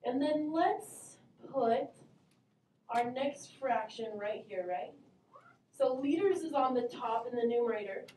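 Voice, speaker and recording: A woman's voice: a little high, lively intonation, unhurried, warm tone. A woman math teacher leading a classroom lesson, upbeat, quizzing the class and calling on students, recorded from across the room. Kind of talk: classroom instruction. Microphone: distant camera mic. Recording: roomy classroom, voice from far off, faint hum.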